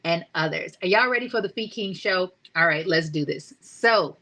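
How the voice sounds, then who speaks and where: A woman in her forties hosting a motivational talk show, speaking with excited energy and asking her listeners rhetorical questions. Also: fairly low pitch, normal speed, noisy background. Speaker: host.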